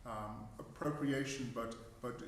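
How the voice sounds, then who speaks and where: A man's voice: medium pitch, unhurried. A man, a vocal tutor, chatting through questions at a research forum, with many fillers and easy laughter. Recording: echoey hall, distant mic, faint hiss.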